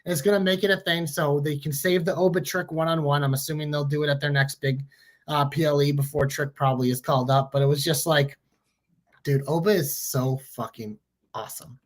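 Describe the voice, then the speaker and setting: A man co-hosting a podcast, chatting casually and excitedly about wrestling with frequent swearing. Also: on the high side, brisk. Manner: excited, profane, enthusiastic. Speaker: podcast co-host.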